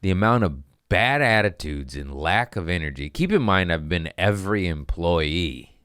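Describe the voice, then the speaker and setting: A man's voice: low voice, moderate pace, clear, resonant tone, no room sound, studio quality. A man hosting a comedy podcast, ranting profanely and acting out voices in a casual comedic style. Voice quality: profane, animated, acts out voices.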